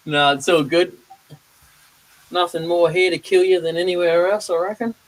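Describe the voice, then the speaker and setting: A man's voice: high voice, measured pace, poor audio. A man hosting a live stream, chatting casually in a jokey way and laughing often. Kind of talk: casual chat.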